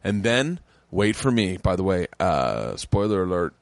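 A man hosting his own comedy podcast, talking loosely and fast, swearing often and rambling with excitement. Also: low-pitched, creaky, no echo. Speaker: podcast host and stand-up comic. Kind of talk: casual podcast chat. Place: home studio room.

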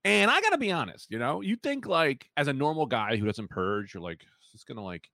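Male host with a lively, uneven delivery who rambles through a comic story; dry, close recording. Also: on the high side, a little fast, gravelly, no room sound. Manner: rambling, casual, switching voices for quoted people.

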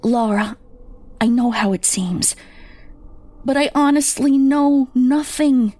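A woman's voice: sits high, takes it slowly, warm tone, pitched above the performer's own voice. A woman voicing a tearful, remorseful middle-aged mother who pleads and sobs. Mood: tearful pleading. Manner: pleading, sobbing.

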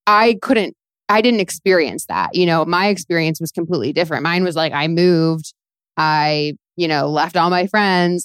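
A woman with a low-pitched voice talks candidly in a casual podcast chat, laughing and filling her sentences with likes. The sound is close and dry, with no room around her. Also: smooth, dry recording. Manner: candid, laughing, lots of fillers.

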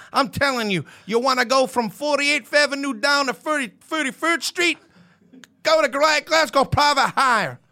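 A brash New York talker, put on by a Scottish man, hammers out a taxi pitch with crude swearing. The voice sits very high and bright. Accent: put-on New York American. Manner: loud, swearing, hard-selling.

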